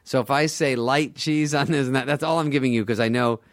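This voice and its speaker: A middle-aged man telling comic stories in casual podcast chat, wry and sarcastic, quickly acting out the other people in his stories. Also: mid-range voice. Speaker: podcast guest, comedian.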